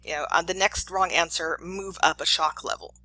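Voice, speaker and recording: A lecturer voicing a calm, insistent male lab experimenter. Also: mid-range voice, normal speed, no room sound, poor audio. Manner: repeats the same flat instruction.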